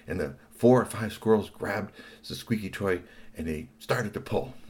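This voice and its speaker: A middle-aged man narrating a children's story in an animated way, talking to young listeners. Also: lowish voice, moderate pace.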